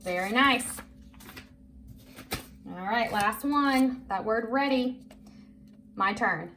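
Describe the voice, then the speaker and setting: A woman teacher talks at an unhurried pace, spelling words letter by letter and praising often. Her voice sits at a middle pitch, and a faint hum lies under the recording. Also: lively intonation, a bit bright. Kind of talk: slow, deliberate reading lesson for children.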